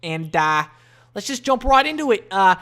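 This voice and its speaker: A man doing a loud, crude Australian bloke who swears and drags his words into flat endings. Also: high voice, normal speed, voice pushed up, exaggerated voice. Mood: brash. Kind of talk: mock accent bit on a solo podcast.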